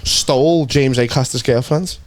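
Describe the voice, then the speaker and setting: A young man co-hosting a podcast in casual banter, crude and animated, often breaking into laughter. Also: medium pitch, normal speed. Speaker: podcast co-host.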